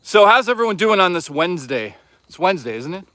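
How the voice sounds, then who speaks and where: A man's voice: sits high, very animated, fast talker, bright, forceful tone, no room sound. A man hosting a casual livestream outdoors on a hike, rambling and swearing as he chats with viewers. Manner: rambling, profane, chatty with viewers. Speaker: livestream host.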